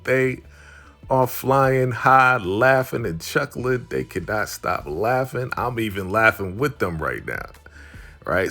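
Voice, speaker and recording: A man casually recapping a TV drama episode, telling the story with frequent chuckles and animated asides. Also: lowish voice. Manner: animated storytelling, chuckles often, acts out characters' lines. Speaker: show recap host.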